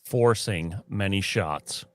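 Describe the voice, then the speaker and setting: A man co-hosting a casual podcast, telling stories in an animated way, laughing often and mimicking other people. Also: low-pitched, slow, no echo. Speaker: podcast co-host. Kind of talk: casual chat.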